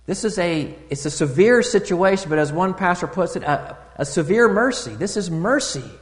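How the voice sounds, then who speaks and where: A man's voice: expressive, moderate pace. Preaching man in an echoing sanctuary. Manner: conversational preaching with fillers and restarts; rises loud and high for emphasis, drops soft for asides. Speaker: pastor. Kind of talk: sermon.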